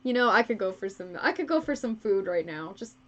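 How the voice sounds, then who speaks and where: A woman's voice: medium pitch, very animated, fairly quick, dull audio. A woman chatting casually with her live-stream viewers while she sews. She is giggly and self-deprecating and laughs often. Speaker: fursuit maker streaming live. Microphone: wrong microphone.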